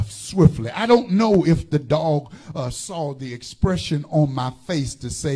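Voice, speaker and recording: In a church, a pastor with a fairly high, dark voice and a breathy edge preaches a sermon. He has the congregation repeat words after him and tells stories packed with fillers and restarts.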